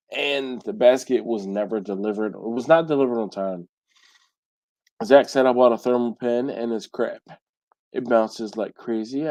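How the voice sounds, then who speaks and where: Congested guy reading chat on his livestream, mellow voice, dry sound. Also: mid-range voice, dry recording, rough recording. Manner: relaxed, reads viewer comments aloud and answers. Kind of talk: casual live chat. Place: home.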